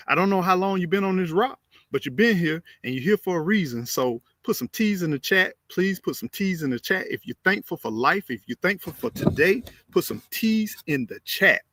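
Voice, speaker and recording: A man hosting a casual livestream, reading viewer comments aloud and repeating phrases in an animated, preachy way. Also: sits high, no room sound, studio quality. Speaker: livestream host.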